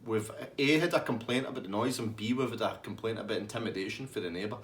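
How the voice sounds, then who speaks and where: A man's voice: lowish voice, fast talker, slight background noise, natural voice. Stern, irritated police officers laying down the law, as a man voices them. The tone is firm and insistent, sitting close to the teller's everyday voice.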